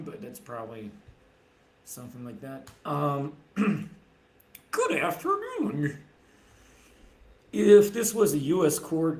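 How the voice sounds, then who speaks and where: Profane, ranting streamer, echoey room. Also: male voice, medium pitch, dark tone, a little hiss or hum. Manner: profane, heated and sarcastic. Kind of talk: angry livestream rant.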